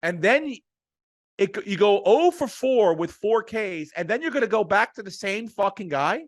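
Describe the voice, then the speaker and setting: A man's voice: sits high, animated, moderate pace, no room sound, clean studio sound. A middle-aged man with an emphatic, profane delivery, ranting about sports as a podcast co-host. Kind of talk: heated sports podcast rant.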